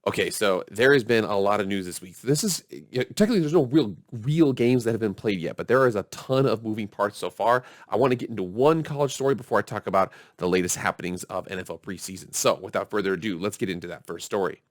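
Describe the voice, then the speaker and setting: A man's voice: on the low side, lively intonation, fast, few pauses, dry recording, studio quality. A man hosting a football show in casual, upbeat commentary, chatty and hyping his viewers. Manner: upbeat and chatty, hypes the audience.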